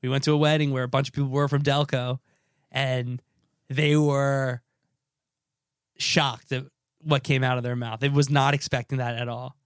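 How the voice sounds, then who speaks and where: A man in relaxed podcast banter at a middle pitch, laughing easily and letting sentences trail off. His voice sits close and dry, with no room around it. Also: moderate pace, pauses often, clear, resonant tone, dry recording. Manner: laid-back, laughs often, trails off mid-sentence. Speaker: podcast co-host. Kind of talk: casual chat.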